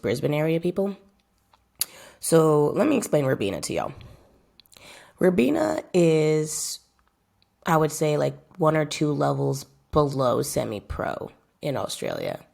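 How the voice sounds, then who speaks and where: Low, gravelly young woman telling a story. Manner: emphatic, repeats phrases for effect; addresses viewers directly and chattily. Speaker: footballer vlogging about her career. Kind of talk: casual storytelling vlog.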